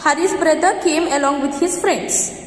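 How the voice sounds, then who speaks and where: Woman teacher, quizzing small kids, high voice, echoey room with long reverb. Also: normal speed. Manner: questioning children, repeating. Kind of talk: storybook lesson for young children.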